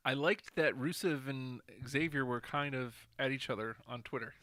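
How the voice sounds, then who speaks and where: A man co-hosting a casual podcast chat, playfully teasing his co-host and firing off quick questions. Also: medium pitch, bright, forceful tone.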